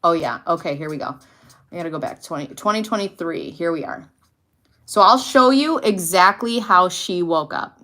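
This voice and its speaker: A woman in her thirties, a podcast host, casually telling a personal story in a blunt, animated way and swearing freely. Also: fairly low pitch, normal speed. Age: 30s. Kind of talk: casual storytelling to a live audience.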